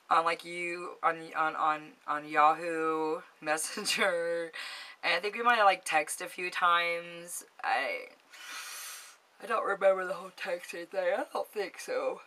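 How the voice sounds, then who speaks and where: A woman chats to her camera in a casual storytelling vlog, her voice sitting slightly low yet bright and edged. She is gossipy and animated, acting out each side of a conversation. She drops casual swears and keeps giggling through the tale. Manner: chatty, gossipy, acts out both sides of conversations. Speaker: vlogger.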